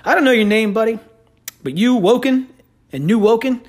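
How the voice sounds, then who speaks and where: A man hosting a podcast, telling stories in a sarcastic, animated rant. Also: extremely high pitch, normal speed. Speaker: podcast host. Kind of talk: casual ranting commentary.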